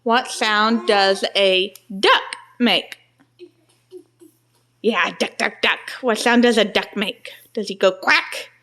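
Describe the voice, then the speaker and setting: A woman's voice: medium pitch, steady tone, takes it slowly, pushed and bright. A mother talking to her small children in a home video, using coaxing, sing-song baby talk, asking simple questions and praising every answer.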